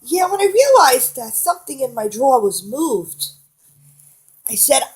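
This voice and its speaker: Rambling high-voiced woman vlogger. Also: sing-song, measured pace. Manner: rambling, digressive, candid. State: wheezy. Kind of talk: rambling vlog monologue.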